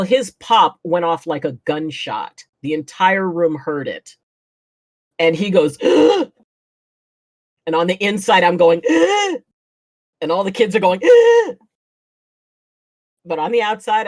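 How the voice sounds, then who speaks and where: Woman, guest chiropractor, animated storyteller, acts out quotes, laughs a lot, lowish voice, dry sound. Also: no room sound. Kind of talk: casual storytelling chat.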